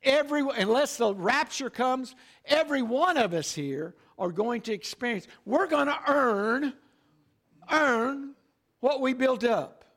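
An older man preaching a sermon, emphatic, slowing down on key phrases and often checking in with "all right?". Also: very high voice, animated, fairly bright tone. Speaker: pastor.

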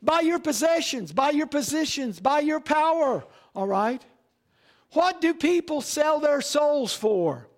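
A pastor preaching a sermon, asking rhetorical questions and repeating key lines. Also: male voice, very high-pitched, very animated, a little slow.

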